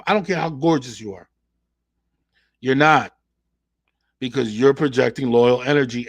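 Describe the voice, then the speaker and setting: A man hosts his own podcast alone, talking in an animated way and slipping into mimicking voices for the people he describes. His voice is husky and sits at an ordinary middle pitch. The sound is dry and close, with no room around it. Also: dry recording. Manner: animated, mimics women in quoted asides. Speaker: podcast host. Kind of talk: solo podcast monologue.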